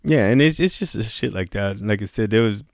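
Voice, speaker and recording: A man in easy conversation recounts camp mishaps with heavy swearing and "bro" at every turn. His voice sits a bit low. The sound is dry and close, with no room around it. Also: animated, fairly quick, gravelly, no room sound. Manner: profane, slangy, keeps saying bro; acts out quoted yelling in raised voice. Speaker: guest, youth camp director. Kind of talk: casual storytelling chat.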